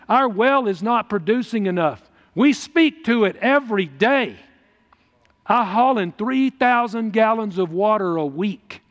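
Preacher guy, folksy and emphatic, pretty high voice, long echo from the church hall. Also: fairly bright tone, highs cut off. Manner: folksy, emphatic, with rising calls to the congregation. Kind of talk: sermon.

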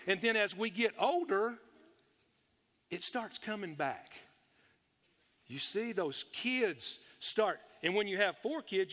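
High-voiced fired-up preacher. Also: male voice. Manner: excitable, folksy, shouts bursts of praise. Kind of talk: sermon. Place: church hall. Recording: long hall reverb.

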